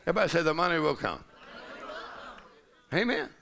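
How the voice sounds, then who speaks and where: Gravelly male preacher. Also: fairly high pitch, sing-song, brisk. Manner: rising to shouted declarations with a gravelly voice. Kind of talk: sermon. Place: large church auditorium.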